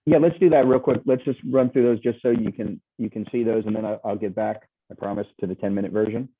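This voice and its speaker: Heard through dry, tinny video call audio with no room sound, a man talks fast in a lowish, steady, husky voice. He's a guest speaker making a casual, enthusiastic sales presentation, rambling and restarting often.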